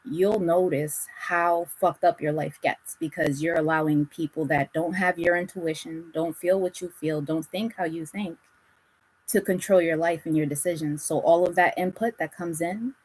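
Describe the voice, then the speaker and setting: A woman's voice: lowish voice, a little mellow, breathy edge, rough recording. Blunt, swearing woman doing a tarot reading. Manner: blunt, swears freely, laughs often. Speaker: tarot reader. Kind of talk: casual spiritual reading.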